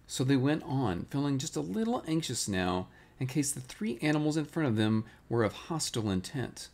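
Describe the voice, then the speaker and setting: A man reading a bedtime storybook aloud in a gentle, relaxing way. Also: mid-range voice, sing-song, normal speed, hardly any pauses. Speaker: storybook reader.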